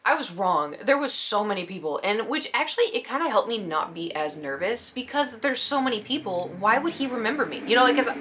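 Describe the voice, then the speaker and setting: A woman's voice: a little high, sing-song, a little fast, hardly any pauses, background noise. A young woman telling a rambling, self-deprecating story to her viewers in a casual vlog, acting out her own reactions as she goes. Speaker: vlogger.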